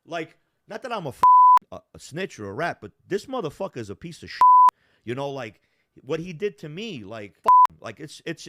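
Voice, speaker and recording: A man telling a story in casual talk, profane and animated, acting out the voices of the people in it. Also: on the high side. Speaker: storyteller guest.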